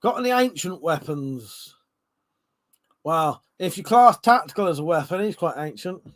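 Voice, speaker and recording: A man's voice: fairly high pitch, lively intonation, moderate pace, a bit bright. A man hosting a live stream, chatting loosely with viewers while a bit tipsy, laughing and swearing as he reads the chat.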